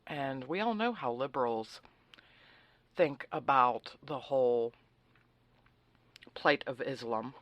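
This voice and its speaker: A woman's voice: a bass voice, slow pace, pauses often, dry recording, dull audio. Sarcastic woman talk radio host, dry sound. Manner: sarcastic, facetious; opinionated, conversational. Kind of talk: political talk radio monologue.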